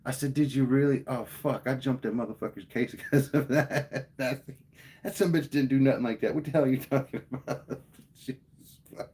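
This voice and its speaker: A man's voice: medium pitch, moderate pace, darkish tone. A man livestreaming, telling a heated, profane story to his chat in casual speech. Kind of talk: casual rant to live chat.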